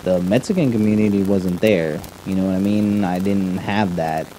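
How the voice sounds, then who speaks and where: A man with a low, mellow, darker voice speaks candidly in a relaxed conversation, dropping casual swears. Faint rain patters in the background. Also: normal speed, slight background noise, rough recording.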